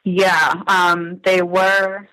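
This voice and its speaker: Talking very slowly in a high-pitched, level voice that is bright and forceful, a man in his thirties from Massachusetts reflects as a podcast interview guest. He is the son of a crime victim and says "um" and "like" a lot. The clip has no echo and poor recording quality.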